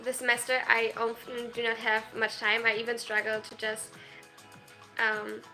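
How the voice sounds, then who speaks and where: A woman's voice: a little high, monotone, moderate pace, bright, forceful tone, faint music behind. A 22-year-old woman from Germany, live-streaming at home and reading viewer comments aloud. She talks in a shy, self-conscious way, with hesitant restarts and nervous laughs.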